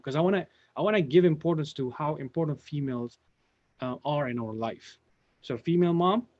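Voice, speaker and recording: A man's voice: on the high side, darkish tone. A man hosting a live stream, telling a personal story in a rambling way with many restarts and asides to viewers. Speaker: channel host telling his career story. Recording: dull lo-fi sound.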